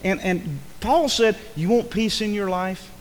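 A man preaching a sermon in a church, animated and conversational, with quick asides and acted-out quotes. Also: high voice. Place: church sanctuary. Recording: long hall reverb.

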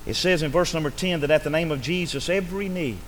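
A man preaching a sermon in an emphatic way, swinging between loud calls and quiet lines and asking for amens. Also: on the high side, quick pace, slight background noise, low-quality recording.

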